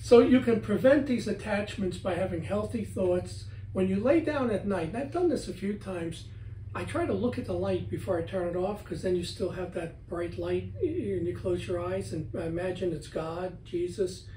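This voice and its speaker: A middle-aged man with a notably high voice chats at home as an interview guest. He tells his stories with animation and acts out his own words. He sits a little back from the mic in an echoey room with faint ambience behind him. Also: dark tone, slight background noise. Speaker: guest author on spirits. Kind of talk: casual interview chat. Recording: roomy, from a distance, faint ambience.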